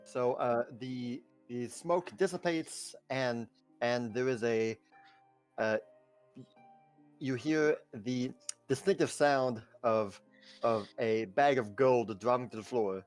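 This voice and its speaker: A man runs a tabletop game at an unhurried, drawn-out pace, stopping often to fill gaps as he narrates. His voice sits in an ordinary middle register, with faint music in the background. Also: medium pitch. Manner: halting, many fillers. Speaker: game master.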